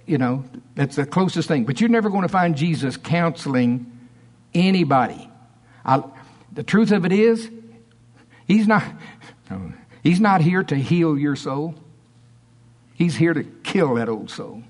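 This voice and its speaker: Male preacher, folksy and emphatic, a touch higher-pitched than most men, jumps between big loud lines and soft asides. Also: animated, a little slow, pauses often. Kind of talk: sermon. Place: church.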